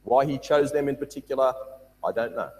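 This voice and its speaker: A man teaching a Bible study, reading scripture aloud and explaining it with lively emphasis and repeated words. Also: medium pitch, a little fast, big-room sound.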